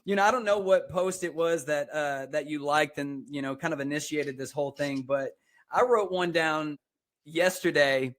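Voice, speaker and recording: A young Texan man talks with eager, preacher-like energy in a casual podcast chat. He laughs easily, and his voice sits a little high for a man. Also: moderate pace, a bit bright. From Texas. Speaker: podcast guest, speaker and personal trainer.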